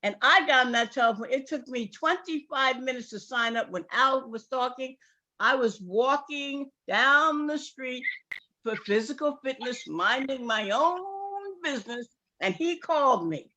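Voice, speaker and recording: A woman with a New York accent giving an excited, repetitive, rambling testimonial on a group phone call. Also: high-pitched, a little slow. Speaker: distributor on a sales call.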